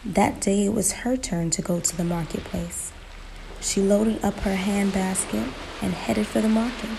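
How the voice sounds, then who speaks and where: A woman narrating a folktale in a slow, emphatic storytelling manner, in a noisy recording. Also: medium pitch, steady tone, creaky.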